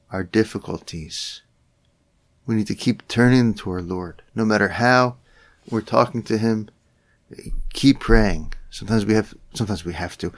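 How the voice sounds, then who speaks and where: A man preaching a sermon in an earnest way, often repeating phrases and turning to address the Lord directly. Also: fairly low pitch. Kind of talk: spoken sermon.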